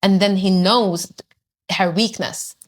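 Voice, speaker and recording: A woman's voice: mid-range voice, steady tone, slow. A woman hosting a conversation podcast, asking direct, probing questions of her guest. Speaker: podcast host.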